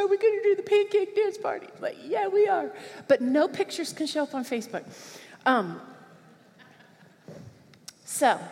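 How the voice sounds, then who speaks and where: A middle-aged woman preaching, telling a personal story in an animated way and acting out children's voices. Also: a little high. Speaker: speaker at a church service. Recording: long hall reverb.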